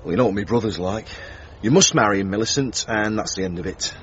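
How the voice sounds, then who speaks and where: An actor playing a laid-back young Englishman, casual and deadpan. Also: on the low side, fast, lightly acted. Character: laid-back modern young man, bemused. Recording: muffled lo-fi recording with faint noise.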